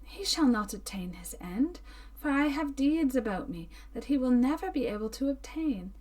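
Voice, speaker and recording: Storybook: terrified imprisoned woman, high voice, breathless whispered pleading, read by a woman. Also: lively intonation, moderate pace, warm tone. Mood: defiant.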